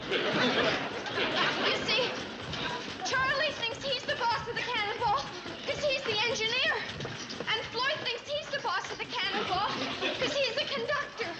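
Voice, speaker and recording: A woman's voice: very high-pitched, lively intonation, a little slow, roomy sound, over music, crowd noise, poor audio. A young actress playing a cheerful daughter who explains things eagerly, with an old laugh track behind her. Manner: eager, chatty.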